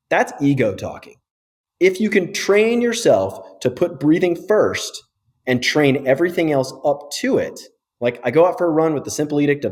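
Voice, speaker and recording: A man, a physiotherapist guest on a podcast, explaining breathing in an energetic, casual way and often checking in with "right?". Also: a little high, normal speed. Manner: energetic, keeps tagging points with "right?".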